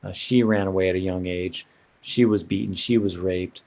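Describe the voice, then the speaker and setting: A man's voice: low-pitched, steady tone, moderate pace, a little mellow. A man sharing an earnest personal story as a podcast guest, in a casual way with lots of "man" and "bro".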